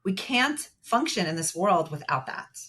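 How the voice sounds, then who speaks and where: A woman's voice: lowish voice, sing-song, a little slow, fairly bright tone, husky. A woman therapist who is a podcast guest, explaining things at length with many fillers and acting out the dialogue from a client story. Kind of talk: conversational podcast interview.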